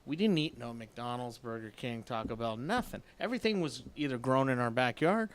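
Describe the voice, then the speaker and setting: A man's voice: mid-range voice, lively intonation, fairly quick. A man co-hosting a casual radio talk show, telling emphatic, opinionated stories. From California. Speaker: radio co-host.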